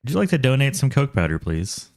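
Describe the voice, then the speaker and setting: A man's voice: medium pitch, sing-song, quick pace, gravelly, darkish tone, dry recording, studio quality. A man with a Texan accent chatting casually through a game stream, talking to himself and his chat and laughing often. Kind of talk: casual gameplay commentary.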